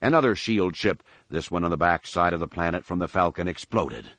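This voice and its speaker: A man giving a measured, dramatic audiobook narration of an action story. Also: low-pitched, a bit bright, no echo. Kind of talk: scripted narration.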